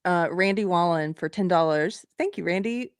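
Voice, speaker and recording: A woman hosts a casual live stream in a lowish voice, laughing easily as she reads viewer messages aloud. The sound is close and dry, with no room around it. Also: moderate pace, clear, resonant tone, no room sound. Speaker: livestream host.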